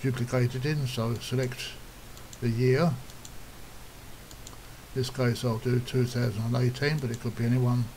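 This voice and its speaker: A man calmly walking through a software task step by step, in a plain, instructive way, now and then clearing his throat. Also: mid-range voice, unhurried, long pauses, slight background noise, poor audio. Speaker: software tutorial presenter. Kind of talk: step-by-step screen tutorial.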